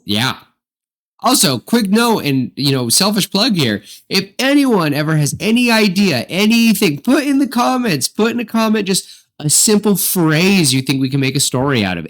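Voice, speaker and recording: A man co-hosting a podcast in casual chat, animated and apologetic, laughing often. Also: fairly high pitch, normal speed. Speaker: podcast co-host.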